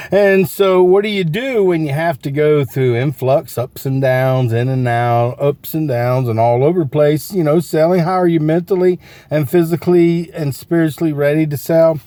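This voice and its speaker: A man's voice: fairly high pitch, moderate pace, mellow, no room sound. A man giving a casual, folksy motivational talk about selling from inside his parked car, asking his listeners question after question. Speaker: sales coach vlogger.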